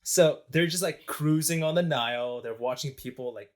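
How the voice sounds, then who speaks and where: A man's voice: on the high side, moderate pace. A young man casually telling history on a podcast, joking and rambling with many fillers. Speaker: podcast co-host.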